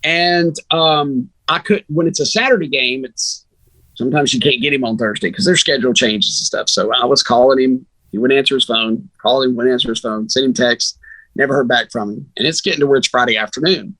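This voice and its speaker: A man, a sports radio announcer, telling a long story in an animated, chatty way as a podcast guest. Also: mid-range voice, a little fast, no echo, low-quality recording. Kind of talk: casual storytelling.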